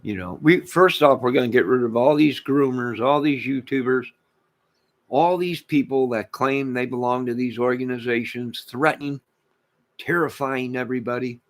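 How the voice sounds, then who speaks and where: A man hosting his own channel, delivering a rambling rant to camera, emphatic and repetitive, swinging between loud declarations and muttered asides. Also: medium pitch, moderate pace. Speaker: channel host.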